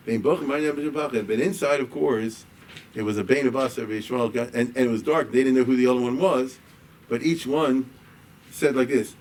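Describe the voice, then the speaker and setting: A man's voice: medium pitch, steady tone, a little slow, a little mellow. A man teaching as a rabbi, reading a text line by line, explaining each with casual asides and checks like "right?". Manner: conversational, reads a line then paraphrases with asides and "right?". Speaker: rabbi lecturer. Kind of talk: explaining a liturgical poem in a lecture. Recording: distant mic with faint background noise.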